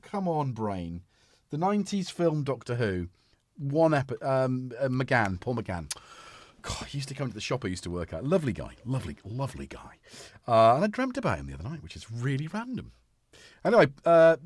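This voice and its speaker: A man hosting a livestream, chatting in a rambling way that trails off mid-thought. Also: fairly high pitch. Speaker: livestream host. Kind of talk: casual livestream chat. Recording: synth music playing underneath.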